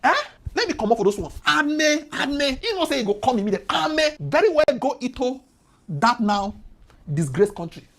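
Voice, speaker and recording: Impassioned Nigerian woman, lively pitch. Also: fairly quick. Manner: impassioned, rhetorical questions, mixes Pidgin and English. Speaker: commentator. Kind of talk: political commentary vlog.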